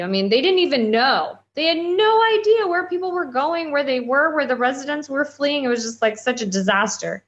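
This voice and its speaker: Woman telling a personal story, lo-fi audio. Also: high voice. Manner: rambling, halting, many fillers. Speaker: interview guest. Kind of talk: personal account in a podcast interview.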